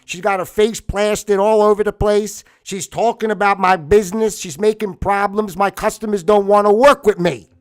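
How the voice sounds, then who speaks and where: A short-tempered tough-guy businessman, as a man puts him on, pushing his voice up high and loud. He blusters and repeats his warnings, leaning hard on every threat. The tone stays forceful and pressing throughout. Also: steady tone, normal speed, few pauses, lightly acted. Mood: angry.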